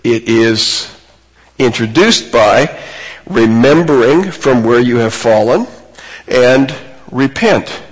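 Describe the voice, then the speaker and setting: A man's voice: mid-range voice, lively intonation, takes it slowly, slightly rough. A man preaching a sermon in an earnest, emphatic way, lifting his voice on key points. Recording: long reverb of a large hall.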